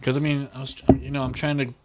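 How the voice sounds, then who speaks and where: A man's voice: mid-range voice, level tone, fast, very noisy. A man co-hosting a podcast, talking in a laid-back way with lots of "like" and "you know". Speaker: podcast co-host. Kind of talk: casual chat.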